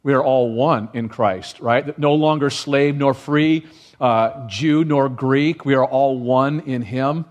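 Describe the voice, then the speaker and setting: A man preaching a sermon to his congregation, animated, rising in pitch for emphasis and asking rhetorical questions. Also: slow pace, dull audio. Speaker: pastor.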